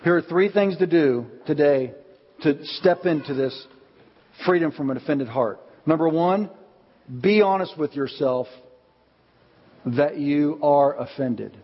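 A pastor gives an earnest sermon in a husky, slightly high voice, stretching out his words when he makes a point. The sound is muffled and lo-fi, with a long reverb tail from a large church hall. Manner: earnest, slows down to stress key points. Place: church sanctuary.

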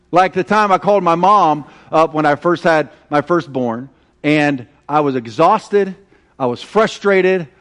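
A middle-aged man preaching a sermon, telling stories with animated, acted-out quotes. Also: on the high side. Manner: animated storytelling, acting out quoted voices. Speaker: pastor.

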